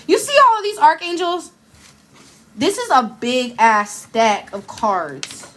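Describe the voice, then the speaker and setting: A woman's voice: high-pitched, very animated, takes it slowly, fairly bright tone, slight background noise. A woman, giving an emotional, effusive live tarot reading in casual slang. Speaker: tarot reader. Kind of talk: live spiritual card reading.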